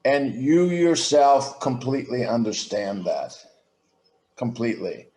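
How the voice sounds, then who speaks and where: A man of medium pitch with a sing-song, dark-toned voice speaks in a roomy-sounding space as a video-call podcast guest. Slow and reflective, he explains his ideas and restarts his sentences frequently in this conversational interview.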